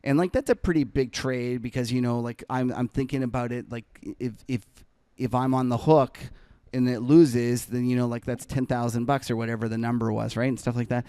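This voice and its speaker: A man's voice: medium pitch, steady tone, a little fast, dark tone, clear, resonant tone, dry recording. A man telling a long trading anecdote in a casual podcast chat, with many fillers and restarts, acting out other people's lines and laughing as he goes. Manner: rambling anecdote full of fillers and self-corrections; laughs while telling the story. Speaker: trader and podcast co-host. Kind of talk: casual storytelling.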